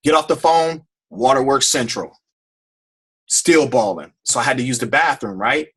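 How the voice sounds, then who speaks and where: A man tells his own story to a group, his voice husky with a bright, forceful edge. He talks with deep feeling and often repeats or restarts his phrases. It sounds like personal testimony rather than a lecture. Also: normal speed. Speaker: speaker on a team call.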